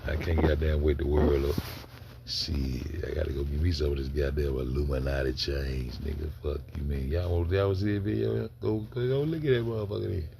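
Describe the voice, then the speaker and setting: Gravelly man ranting on a stream. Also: very deep voice, steady tone, brisk, background noise. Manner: loose, profane, rambling with many restarts. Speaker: streamer reacting to a video. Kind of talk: casual livestream commentary.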